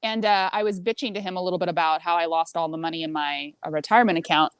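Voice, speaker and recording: Blunt, animated woman guest, dry sound. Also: lowish voice, quick pace, clear, resonant tone, no room sound. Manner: blunt and animated, swears freely. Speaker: podcast guest; senior marketing director. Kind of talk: casual storytelling chat.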